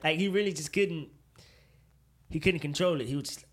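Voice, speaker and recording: A man co-hosting a casual chat show, talking in an animated, profane way and pressing his point with rising emphasis. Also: a little high, normal speed. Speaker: podcast co-host.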